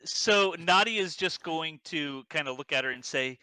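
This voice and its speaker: A game master narrating a tabletop game, playful and quick to laugh. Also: medium pitch, bright, forceful tone, clean tone. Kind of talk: tabletop role-play narration.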